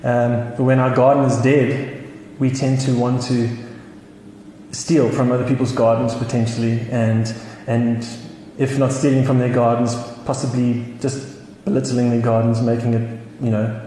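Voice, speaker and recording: A man's voice: medium pitch, little pitch movement, moderate pace, mellow. A South African man preaching a sermon, telling a story with chuckles and many restarts. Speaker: pastor. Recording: echoey hall with faint noise.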